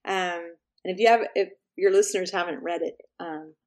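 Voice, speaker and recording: A middle-aged woman musician from Texas, chatting as an interview guest and telling lively stories, acting out quotes and laughing often. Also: on the low side, normal speed. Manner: animated storyteller, laughs often, acts out quotes. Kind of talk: casual interview chat.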